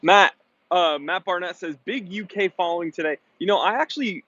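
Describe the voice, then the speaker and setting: A chatty American man with a somewhat high voice hosts a relaxed live-stream chat, reading out viewer comments with an upbeat, laughing manner. He is recorded outdoors with dry, close sound. The audio is a little dull and lo-fi. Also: a little fast, dry recording.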